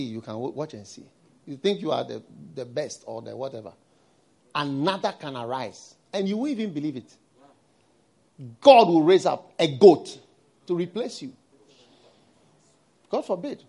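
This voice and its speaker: A man's voice: fairly high pitch, vocal fry, darkish tone, slightly rough. A man preaching a sermon in a studio, emphatic, repeating words and firing rhetorical questions at his listeners.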